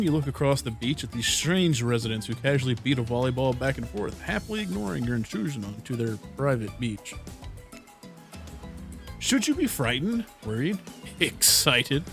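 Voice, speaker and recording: A man's voice: mid-range voice, fairly bright tone. Playful man reading out a game. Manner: playful, laughs between lines. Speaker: let's play host. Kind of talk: reading game text aloud with jokes.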